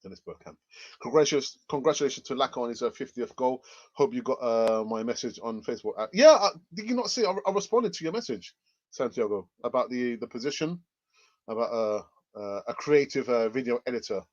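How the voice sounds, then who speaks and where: A man hosting a fan channel does a casual live chat, reading out comments in a rambling way, repeating phrases and using lots of fillers. His voice is medium-pitched, lively and a little mellow, and he talks fairly quickly. There's a slight cough, and the audio is muffled.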